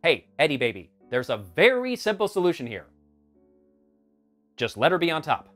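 A man narrates a comedic film review with sarcasm and dry asides. His voice is fairly high and very lively, rising and falling a lot. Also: moderate pace, faint music behind. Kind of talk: scripted comedic film commentary.

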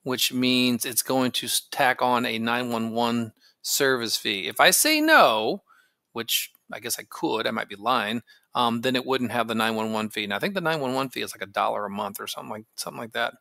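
A man's voice: mid-range voice, animated, normal speed, creaky, pushed and bright, dry recording. A man casually walking through a phone service setup, thinking aloud with fillers as he clicks along. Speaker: tech tutorial host. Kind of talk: casual screen-recording walkthrough.

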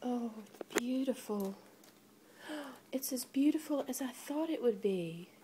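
A woman's voice: on the high side, a little slow, noisy background. Gushing woman unboxing on her phone. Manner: gushing, breathless excitement with gasps. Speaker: vlogger. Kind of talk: casual unboxing chat. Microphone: phone held in hand.

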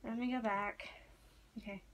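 Bubbly bright-voiced young woman vlogger. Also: on the high side, moderate pace. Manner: bubbly, rambling, excitable fan chatter. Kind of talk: casual chat to camera.

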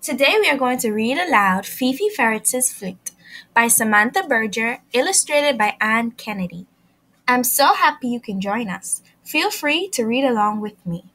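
Woman, children's book reader, high voice, lively swooping pitch, slow pace, expressive. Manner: slow, expressive, sing-song storytelling. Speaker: children's story reader and channel host. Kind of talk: reading a picture book aloud to kids.

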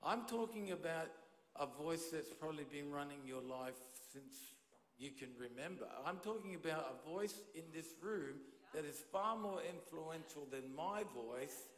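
A man preaching to a church congregation, his somewhat high voice carried by a handheld microphone. He talks in a conversational way and keeps checking in with his listeners. The sound rings around a large, reverberant hall. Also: normal speed. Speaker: pastor. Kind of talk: sermon. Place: church auditorium. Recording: echoey hall with long reverb.

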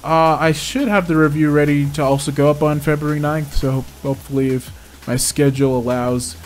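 Excitable man narrating gameplay. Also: a little high, fairly quick. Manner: excitable, exclaims often, laughs at his own fails. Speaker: game reviewer and channel host. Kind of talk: gameplay commentary.

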